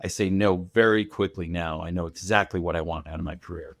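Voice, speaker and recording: A man of fifty speaks as a podcast guest, confident and reassuring as he tells stories. His voice is fairly low. The sound is close and dry. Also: fairly even intonation, brisk, fairly bright tone, no echo. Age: 50s. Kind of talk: casual interview chat.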